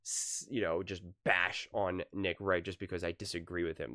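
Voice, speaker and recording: A man's voice: deep voice, sharp tone, clean tone, dry recording, clean studio sound. A man hosting his own sports commentary channel, arguing his points emphatically and repeating key words for stress. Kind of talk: solo sports opinion commentary.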